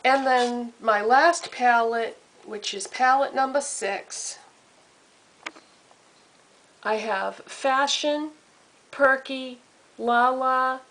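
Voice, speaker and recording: A beauty vlogger talks to her camera mic in a casual makeup vlog, slowly and unhurriedly reading out one product name after another. Her fairly high voice stays relaxed and chatty, with slight background noise.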